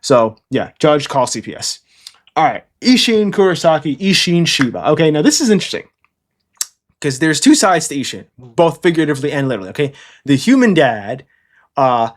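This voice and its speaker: A man in casual, rambling commentary, blunt and profane, who keeps checking in with "okay?". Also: mid-range voice. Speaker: anime commentator. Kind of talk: casual tier-list commentary.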